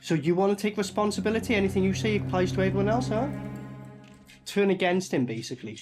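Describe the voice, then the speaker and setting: A man reacting to a movie as it plays, sweary and animated, tossing out laughing asides. His pitch swings widely as he talks. The film's music sits clearly underneath his voice. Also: fast talker. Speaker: movie reviewer. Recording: film soundtrack playing behind.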